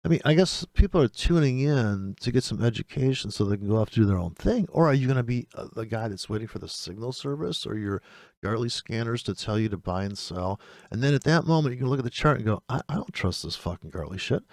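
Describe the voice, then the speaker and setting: A man's voice: medium pitch, animated, darkish tone, no echo, studio quality. A man hosting a trading channel, ranting with exasperation and swearing freely as he picks apart other traders' videos. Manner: exasperated, profane, rapid-fire rant.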